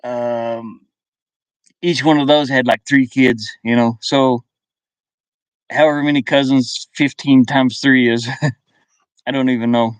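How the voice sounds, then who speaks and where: An easygoing man with a faint Southern drawl, chatting live and reading viewer comments aloud. He thinks out loud and chuckles often, in a smooth, clear voice. The sound is dry and close, from inside his van. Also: mid-range voice, dry recording. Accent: American with a faint Southern drawl. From US South (Kentucky and Virginia). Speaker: live-stream host.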